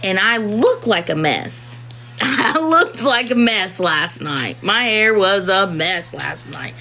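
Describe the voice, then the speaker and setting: A woman's voice: medium pitch, animated, slow, pushed and bright, soft background music, poor audio. A woman, a mother of four, talking candidly and ramblingly in a casual personal talk to camera. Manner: candid and rambling, many "you know"s.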